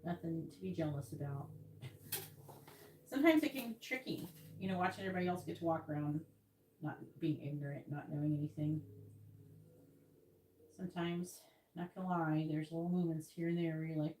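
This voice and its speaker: A woman's voice: low-pitched, brisk, pauses often, darkish tone, slight background noise. A woman giving psychic readings on a live stream, talking casually and rambling with many restarts, into earbuds.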